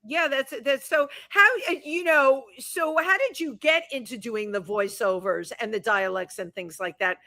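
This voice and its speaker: A woman's voice: on the high side, normal speed, hardly any pauses, bright, forceful tone, no room sound, clean studio sound. A woman hosting an interview show in a restaurant, encouraging the guest and chiming in with praise. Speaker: host. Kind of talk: casual interview chat.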